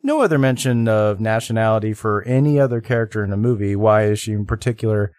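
Halting man mid film chat. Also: lowish voice, darkish tone, no room sound, studio quality. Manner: halting, many restarts, mock-quotes characters. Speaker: podcast co-host. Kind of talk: casual film discussion.

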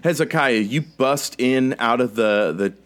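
A man's voice: mid-range voice, unhurried. A man narrating a tabletop game as game master, casual and rambling with many fillers.

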